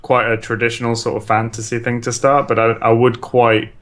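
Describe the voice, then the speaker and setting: A man's voice: medium pitch, little pitch movement, brisk, fairly bright tone. A man chatting casually, thinking aloud and chuckling often. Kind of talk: casual chat.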